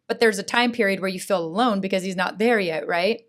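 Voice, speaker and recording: A middle-aged woman speaks as a podcast guest, recounting personal experiences with earnest feeling. She talks in an animated way, checking in with her listener with a frequent "right?". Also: medium pitch, a little fast, few pauses. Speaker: school board president, guest. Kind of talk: emotional personal testimony in a podcast interview.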